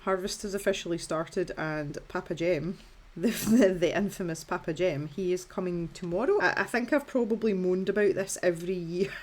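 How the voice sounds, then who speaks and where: A woman's voice: fairly low pitch, normal speed, hardly any pauses, a little mellow. A Scottish woman in her thirties, talking casually through a colouring tutorial in a chatty, self-deprecating way. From Scotland. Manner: chatty and self-deprecating, with filler words and restarts.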